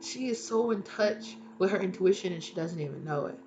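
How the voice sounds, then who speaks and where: Woman doing a tarot reading, chatty and animated, swears a lot, light hiss in the background. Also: fairly low pitch, fairly quick, dull audio. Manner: chatty, animated, swears freely, laughs at herself. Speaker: tarot reader. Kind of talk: casual collective tarot reading.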